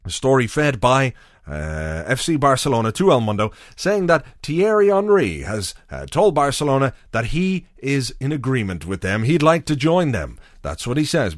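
Wry, sweary podcast host. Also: male voice, on the low side, no echo, studio quality. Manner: wry, sweary, rambling with many fillers. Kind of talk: casual solo podcast monologue.

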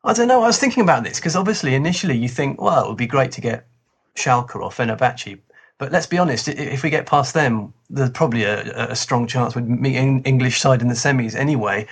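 Husky man, fast talker, casual football chat, podcast guest. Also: medium pitch. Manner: chatty, hedging, lots of restarts.

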